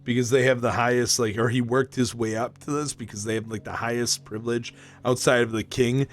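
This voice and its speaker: A man chatting casually with his live stream audience. He rambles excitably, swears constantly and breaks into laughter between stories. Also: mid-range voice, fairly quick. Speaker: livestreamer.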